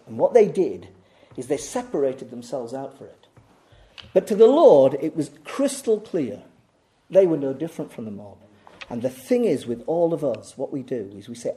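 Emphatic preacher with a dark, mellow voice. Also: male voice, sing-song, normal speed. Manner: emphatic, repeats key words, asks the congregation rhetorical questions; swings between raised, urgent delivery and low, quiet asides. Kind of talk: sermon.

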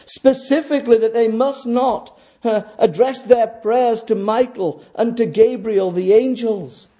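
Slow, dark-toned male preacher. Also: very high voice. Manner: measured, emphatic preaching with slow deliberate pauses. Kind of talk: sermon.

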